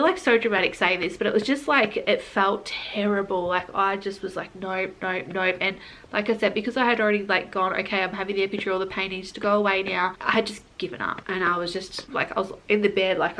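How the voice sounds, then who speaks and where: A woman's voice: mid-range voice, fairly even intonation, a little fast, a bit bright, a little hiss or hum. Earnest young woman vlogger, rambling. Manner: earnest, rambling, many likes and restarts. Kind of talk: casual storytelling to camera.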